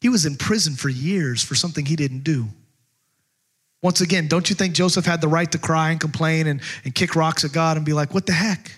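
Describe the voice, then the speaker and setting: High-voiced energetic male preacher. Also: brisk. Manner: energetic, emphatic, repeats words, acts out quotes. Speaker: pastor. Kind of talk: sermon.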